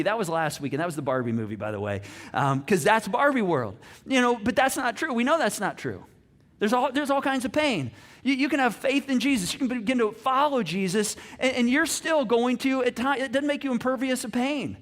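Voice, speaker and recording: A middle-aged man preaches with a somewhat high voice, rising to loud emphasis and then dropping to near hush. He stumbles over repeated words as he presses a point. He turns to the congregation with questions. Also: a little fast. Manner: animated, swings from loud emphasis to soft hushed lines. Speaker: pastor. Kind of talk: sermon.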